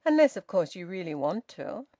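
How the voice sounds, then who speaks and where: A woman's voice: lowish voice, big pitch swings, moderate pace, mellow, no echo. Indignant young son, firm and emphatic, voiced by a woman narrator. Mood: stout. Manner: stout, fierce emphasis.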